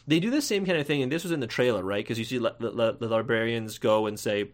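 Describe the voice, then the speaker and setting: Chatty man reviewing movies on a podcast. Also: fast talker. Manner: chatty, tags lines with "right?"; rambling, with restarts and sudden jumps in pitch. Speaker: podcast host.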